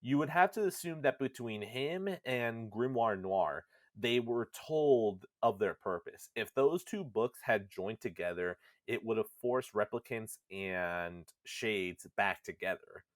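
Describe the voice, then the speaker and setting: A man chatting on a gaming podcast, telling the story with a lot of swing in his pitch and now and then slipping into goofy voices for the characters. The sound is close and dry, with no room in it. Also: expressive, unhurried, hardly any pauses, no echo. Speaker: podcast host. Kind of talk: casual gaming podcast chat.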